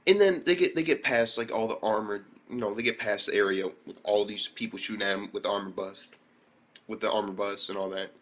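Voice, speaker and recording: Excitable young man swearing through a recap. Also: fairly low pitch, fairly quick. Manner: excitable, heavy slang and swearing, frequent filler "like". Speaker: anime reviewer. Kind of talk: casual episode recap.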